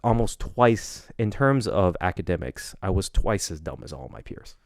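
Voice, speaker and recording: Deep-voiced young man, halting and earnest. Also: big pitch swings, no room sound, studio quality. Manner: halting, emotional storytelling with many restarts. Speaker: podcast co-host. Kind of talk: casual chat.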